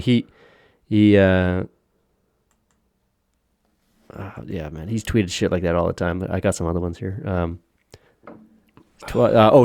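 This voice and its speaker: A man's voice: low voice, darkish tone, no room sound. A man co-hosting a casual podcast, ranting with lots of profanity and frequent laughter. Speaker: podcast co-host.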